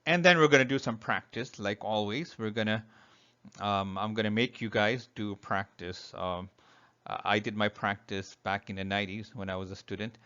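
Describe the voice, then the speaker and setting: A man's voice: medium pitch, fairly bright tone. A middle-aged man gives a recorded grammar lesson, walking through each point patiently with plenty of ums and uhs. His voice sits in a mid range, and the recording sounds a little dull and lo-fi. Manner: patient, explains step by step with fillers. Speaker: Arabic teacher.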